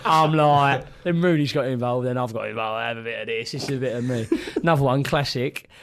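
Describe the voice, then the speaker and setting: A former footballer turned podcast co-host swaps stories in casual chat, his medium-pitched voice racing along with few pauses. He's animated, laughing and acting out quotes, while a loud crowd fills the background.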